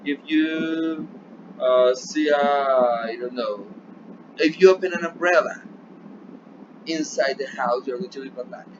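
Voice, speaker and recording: A man's voice: medium pitch, slow, long pauses. A man with a Colombian Spanish accent, a native Spanish speaker, teaching an English lesson remotely and often checking in with "yeah?". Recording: dull lo-fi recording with noticeable background noise.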